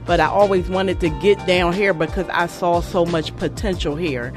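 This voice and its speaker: A woman's voice: fairly low pitch, moderate pace, music in the background. A middle-aged woman, a barbershop owner speaking bluntly and from the heart in a news interview.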